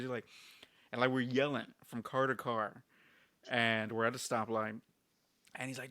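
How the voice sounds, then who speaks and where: A man co-hosting a podcast, telling an animated story in a casual chat full of fillers. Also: medium pitch, a little fast, dry recording. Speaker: podcast co-host.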